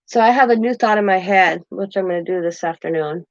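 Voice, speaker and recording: At a fairly quick clip and medium pitch, the older host of a craft channel rambles casually at home, with plenty of chuckles. Background noise is audible over the dull, dry, lo-fi sound.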